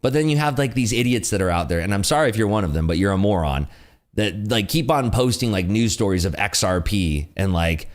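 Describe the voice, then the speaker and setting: A young man hosting a trading livestream, reading out viewer questions and talking back to them. His voice sits fairly low but swings widely in pitch as he rants, and he leans on casual fillers throughout. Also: fairly quick. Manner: animated, ranting, with frequent fillers. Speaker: livestream day-trading host.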